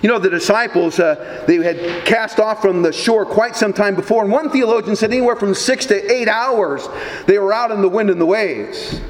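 High-voiced man preaching in a hall. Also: normal speed. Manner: conversational, folksy preaching with casual asides. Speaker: pastor. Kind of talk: sermon. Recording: long hall reverb, faint background noise.

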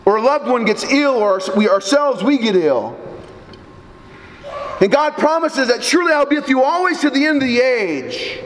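High-pitched preacher guy, stammers and restarts a lot, big echoey church sound. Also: very animated, normal speed, slight background noise. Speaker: pastor. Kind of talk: sermon.

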